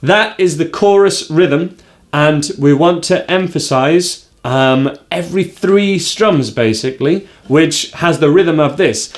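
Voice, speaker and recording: A man teaching a guitar lesson, explaining strumming and counting the beats out loud. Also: fairly high pitch, takes it slowly. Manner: counts and calls out strums aloud. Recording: guitar playing behind.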